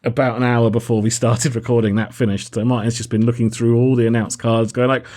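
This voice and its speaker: A man's voice: mid-range voice, little pitch movement, quick pace, mellow. A young man hosting a casual gaming podcast, joking and self-deprecating with his co-hosts. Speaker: podcast host.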